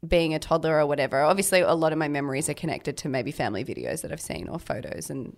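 A woman's voice: low-pitched, expressive, quick pace, vocal fry. A woman co-hosting a podcast, a mother talking in a reflective, thoughtful way in casual chat, with frequent "like" fillers. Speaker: podcast co-host.

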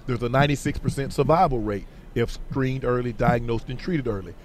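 Middle-aged male radio guest, emphatic and animated, voice going hoarse, light background hum. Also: medium pitch, fairly quick. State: voice getting hoarse. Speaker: guest, former football player. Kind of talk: radio sports interview.

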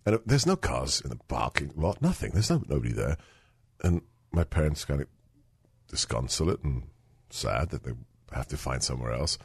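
UK-raised man with a low voice, lively chat co-host, dry sound. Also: normal speed, gravelly, breathy edge, dry recording. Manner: animated, laughing, mimics voices in his stories. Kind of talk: casual storytelling chat.

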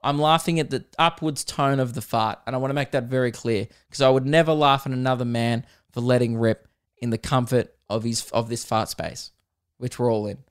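A man's voice: medium pitch, fairly even intonation, a little fast, smooth. A young man, hosting a solo podcast and telling a rambling, crude, self-mocking story. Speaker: podcast host.

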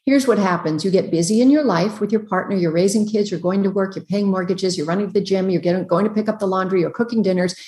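A woman psychologist giving relationship advice as a podcast guest over a video call, emphatic and explanatory, running through quick lists. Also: mid-range voice, a little mellow, reverberant. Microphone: computer on a video call.

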